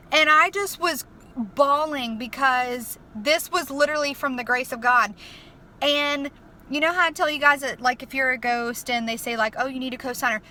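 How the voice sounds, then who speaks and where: A woman's voice: high-pitched, normal speed, pushed and bright. A young woman telling a story in a casual vlog, chatty and emotional, with lots of fillers. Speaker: vlogger. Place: inside a car.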